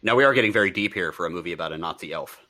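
A man's voice: deep voice, lively intonation, rapid-fire, sharp tone. A man co-hosting a podcast, chatting casually and rambling about a bad movie, laughing often. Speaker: podcast co-host. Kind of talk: casual movie-review chat.

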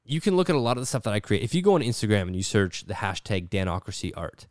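A fast-talking podcast host with a low-ish, very animated voice chats casually in his studio. He rambles, says "like" constantly and often acts out quoted voices, all captured in clean studio sound with no room sound.

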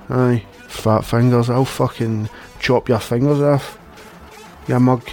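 A man's voice: mid-range voice, steady tone, takes it slowly, darkish tone, soft background music. A young Glaswegian man playing a pirate radio DJ, ranting in a sweary, exasperated way. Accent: Glasgow Scottish. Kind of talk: scripted comedy radio show.

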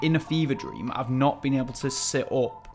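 A man's voice: medium pitch, moderate pace, gravelly, a little mellow, soft background music. A man talking casually as a podcast co-host, describing his fever dreams. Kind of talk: casual chat.

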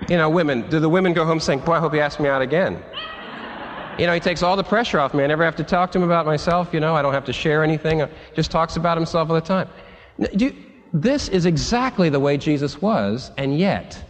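A man preaching a sermon in a church, animated, acting out quotes as he goes. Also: on the high side, quick pace. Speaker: pastor. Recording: long reverb of a church hall.

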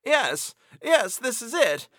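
Excitable, stammering major , read by a man, high and bright, in a close dry read. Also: unhurried, no echo, full character voice. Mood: excited. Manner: stammering, eager exclamations. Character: excitable middle-aged male army major. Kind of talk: storybook reading.

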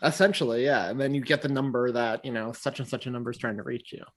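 A man with a mid-range voice talks casually as a podcast co-host. He keeps adding quick asides and little explanations for his listeners. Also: mid-range voice, crowd noise. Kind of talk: casual chat.

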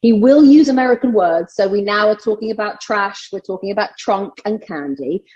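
A woman's voice: mid-range voice, fairly quick, highs cut off. A middle-aged woman with an English accent, chatting casually and animatedly as a guest on a sports radio show. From England. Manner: animated, laughs often.

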